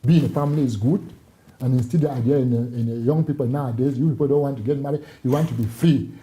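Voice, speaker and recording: A man's voice: mid-range voice, fast talker, warm tone, echoey room, low-quality recording. A man from West Africa, a priest talking as a guest in a blunt, emphatic, repetitive way. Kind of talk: casual interview talk.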